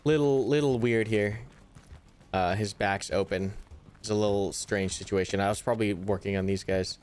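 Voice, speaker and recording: A young man giving live commentary on a tactical shooter, animated and easily exasperated, groaning and swearing at setbacks. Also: lowish voice, normal speed. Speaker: gaming YouTuber.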